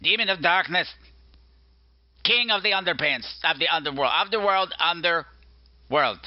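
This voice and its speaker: Brief: a bratty male gargoyle, put on by a man, boastful and insulting, middle pitch, dull dry recording. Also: lively intonation, normal speed, dry recording, close to an everyday voice. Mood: mocking. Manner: mocking, insulting, rambling and self-important. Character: rude, boastful male gargoyle, mischievous rebel.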